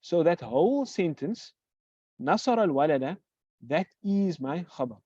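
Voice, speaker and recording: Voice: medium pitch, lively intonation, warm tone, breathy edge, no echo. Teacher quizzing and self-answering, dull recording. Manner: asks questions and answers them; repeats example phrases slowly. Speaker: Arabic grammar teacher. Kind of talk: classroom lecture.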